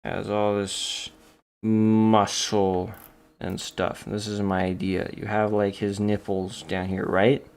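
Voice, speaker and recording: A man's voice: fairly low pitch, little pitch movement, takes it slowly, darkish tone, smooth. A man chatting playfully to himself while he draws, giggling often. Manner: giggly, playful self-talk. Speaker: online artist. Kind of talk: casual talk while drawing.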